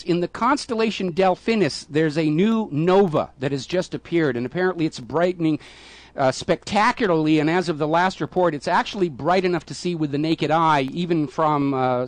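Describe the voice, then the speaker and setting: A middle-aged man hosting a talk radio show, delivering a sarcastic, mocking monologue. His voice sits high for a man, and the sound is close and dry, with no room around it. He stumbles over words now and then and reaches for fillers. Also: no room sound.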